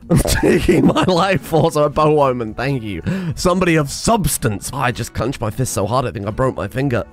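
A man's voice: mid-range voice, animated, moderate pace, faint music behind. A man giving casual, sarcastic commentary over his own gameplay, swearing and laughing as he talks. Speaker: gaming video creator.

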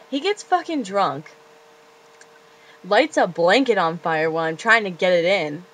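A woman's voice: on the low side, fairly bright tone, poor audio. A young woman in her late teens from Florida, ranting bluntly and profanely in a casual confessional vlog from her bedroom. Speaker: vlogger.

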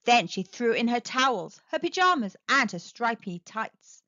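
A woman telling a children's story aloud, with a sing-song, expressive delivery, in a slightly muffled, dry recording. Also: on the high side, a little slow, no echo. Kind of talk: children's read-aloud narration.

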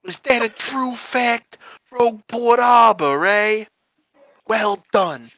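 A woman putting on a gruff male mob boss. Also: on the high side, takes it slowly, fairly bright tone. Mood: smug. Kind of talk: let's play voice acting.

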